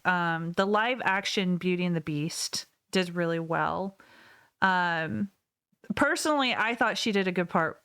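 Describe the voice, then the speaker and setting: A woman co-hosting a podcast in casual chat, easygoing and quick to laugh. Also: fairly low pitch, fairly bright tone, clean tone, no room sound, clean studio sound. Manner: chatty, laughs often, easygoing. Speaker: podcast co-host.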